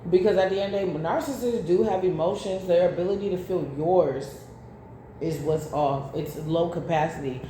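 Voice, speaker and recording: A tarot reader with a fairly low, warm voice speaks at a moderate pace. Her casual reading is blunt and full of profanity, and she often strays into chatty tales from her own life. The recording has heavy room echo and faint background noise.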